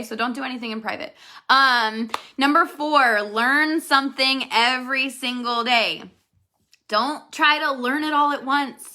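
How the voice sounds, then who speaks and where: A woman's voice: a little high, bright, forceful tone. A woman giving an earnest, direct motivational talk to her network marketing team, speaking straight to her viewers. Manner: earnest, direct, addresses viewers as "you guys". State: emotional, near tears at times.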